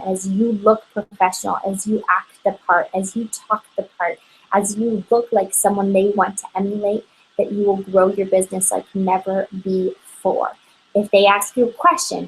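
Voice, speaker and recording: A woman's voice: medium pitch, little pitch movement, moderate pace, slight background noise, poor audio. A woman giving an upbeat, chatty motivational training talk to her sales team, often checking in with "okay?".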